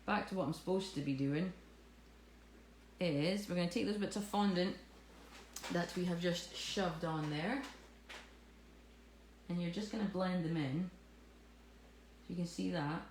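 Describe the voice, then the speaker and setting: A woman with a lower voice runs a live cake tutorial, chatting and joking at her own expense as she works. Her voice rings in a roomy studio with faint ambience in the background. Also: a little slow, pauses often, a little mellow, slight background noise. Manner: jokey, self-mocking, chatty. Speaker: cake decorating instructor. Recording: echoey room with faint ambience.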